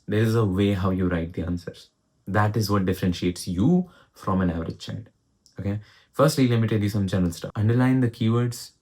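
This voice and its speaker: A man's voice: lowish voice, darkish tone, husky. A young man with an Indian accent giving casual study advice in a vlog. He talks urgently and keeps pressing the point, slipping Hindi into his English. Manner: urgent, exhorting, mixes Hindi into English, says "bro". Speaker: student advice vlogger.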